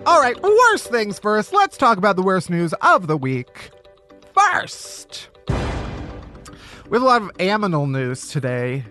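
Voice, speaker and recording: A man's voice: sits high, measured pace, faint music behind. A man hosting a comedy podcast in a studio, ranting sarcastically and swearing a lot. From Chicago area. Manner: sarcastic, profane, animated ranting. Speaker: podcast host.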